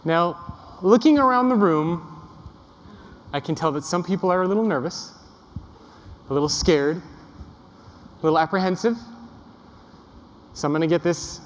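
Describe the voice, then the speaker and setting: Young man, keynote speaker, self-deprecating, joking with the crowd, high voice, echoey conference hall. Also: expressive, a little slow, long pauses, slight background noise. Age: young adult. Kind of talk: humorous keynote storytelling. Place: large conference hall before a live audience.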